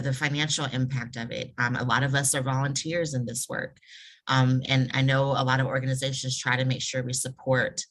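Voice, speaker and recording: A woman moderator on a video call. She talks casually with fillers and offers warm, affirming words to the panelists. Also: very deep voice, poor audio.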